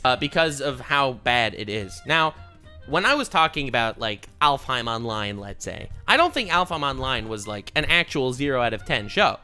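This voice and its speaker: A man's voice: medium pitch, pushed and bright, smooth. A man ranting comically as an anime reviewer, swearing and mock-outraged. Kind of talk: comedic rant commentary.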